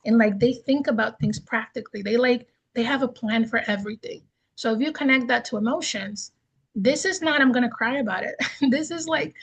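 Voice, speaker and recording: A woman teaches a casual online class in a husky, fairly high voice. She runs through lists of terms and then riffs on them with chatty, everyday examples. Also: moderate pace, a bit bright, rough recording. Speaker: astrology teacher.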